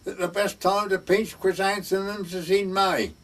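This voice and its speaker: An older man with an English country dialect voicing a know-all Welsh village parson, slow and sing-song. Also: high-pitched, level tone, pitched above the performer's own voice, close to an everyday voice. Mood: lofty. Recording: distant mic, faint background noise.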